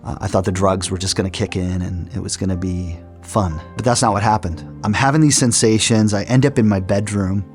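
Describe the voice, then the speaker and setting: Over soft background music, a middle-aged man earnestly recounts his personal testimony as a story, often restarting his sentences. His voice sits on the low side, and he speaks fairly quickly with hardly any pauses.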